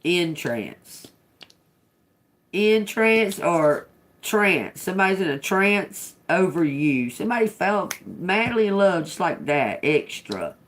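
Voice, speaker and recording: A woman reads tarot on a live stream, her lowish voice slow and swinging widely in pitch. She lingers on single words, sounding each out as she muses, then bursts into laughing, profane, chatty asides.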